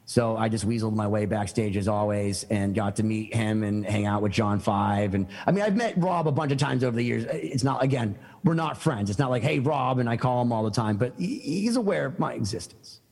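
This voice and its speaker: A man's voice: lowish voice, expressive, a little fast, gravelly, few pauses, darkish tone, in a large hall. A man telling stories as a podcast guest, eager and rambling, with many fillers and restarts. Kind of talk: casual storytelling chat.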